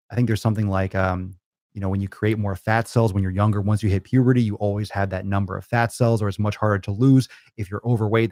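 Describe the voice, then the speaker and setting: A male fitness host takes listener questions in a loose, rambling way. His speech is blunt and laced with swearing, and his voice sits on the low side. The recording is dry and close, with no room echo. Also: a little mellow. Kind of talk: casual listener Q&A.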